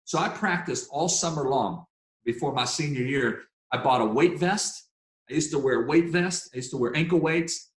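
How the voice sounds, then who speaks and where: A man from Pennsylvania tells a story in an animated, emphatic way, with plenty of casual fillers. His pitch sits in the middle for a man. The room has a noticeable echo. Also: moderate pace. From Pennsylvania, United States. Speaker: guest speaker. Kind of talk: storytelling interview. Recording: echoey room.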